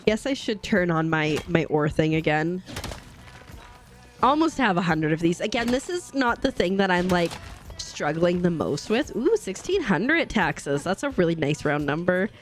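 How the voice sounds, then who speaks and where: A woman's voice: fairly low pitch, big pitch swings, a little slow, faint music behind. A woman streamer chatting casually and giggling with her chat while she plays a game. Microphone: desk microphone.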